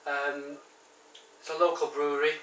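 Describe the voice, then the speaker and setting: A man's voice: fairly high pitch, little pitch movement, normal speed, a bit bright, far from the mic, a little hiss or hum. A man with a Barry Welsh accent, reviewing a bottled beer in a chatty, rambling way full of ums and restarts. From Wales. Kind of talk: casual review to camera. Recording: echoey room, voice off-mic.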